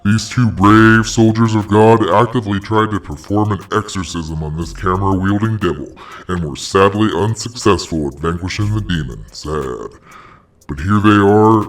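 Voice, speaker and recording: Deep-voiced slangy parody host. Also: male voice, moderate pace, distant mic. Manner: slangy, mock-preachy. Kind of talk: parody hotline monologue.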